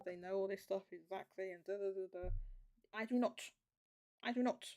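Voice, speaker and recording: A woman hosting a casual livestream chat, thinking aloud with halting restarts as she works something out. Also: mid-range voice, darkish tone. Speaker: show host.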